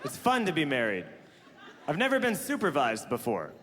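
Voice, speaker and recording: A man in his thirties with a high, light voice does stand-up on a big theater stage and acts out his stories with exaggerated voices. He talks into a handheld mic, and the sound rings with long hall reverb. Crowd laughter keeps rolling in behind him. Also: normal speed, a little hiss or hum. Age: 30s. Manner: animated storytelling with exaggerated character voices. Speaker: stand-up comedian. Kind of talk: stand-up comedy.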